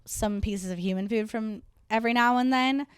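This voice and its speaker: A woman's voice: normal speed, clear, resonant tone, dry recording, studio quality. A young woman dog trainer talking in a casual interview, upbeat and filling her speech with "like". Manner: upbeat, uses "like" a lot, acts out dogs and owners in higher voices.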